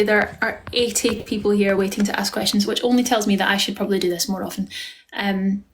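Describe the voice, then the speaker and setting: A Scottish woman chats with viewers on a livestream from her phone, gushing and effusive. She talks at a middling pitch in an easygoing stream of praise and small talk. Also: slight background noise. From Scotland. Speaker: livestream host. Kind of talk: casual livestream chat.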